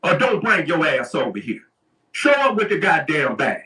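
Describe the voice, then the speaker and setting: A man's voice: fairly high pitch, sing-song, normal speed, pushed and bright, roomy sound, far from the mic. A man on a livestream in a heated, profane, confrontational rant, often repeating himself.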